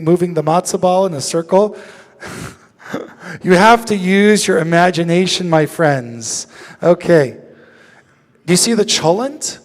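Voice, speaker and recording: A man teaching as a rabbi, lively and joking as he asks the audience questions. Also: high voice. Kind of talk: interactive teaching talk. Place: synagogue sanctuary. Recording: long reverb of a large hall.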